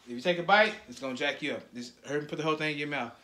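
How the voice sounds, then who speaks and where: This man, a father running the family channel, pumps up his viewers and teases his son while chatting casually, calling out to the audience throughout. His high-leaning voice is bright and forceful, and he talks very fast.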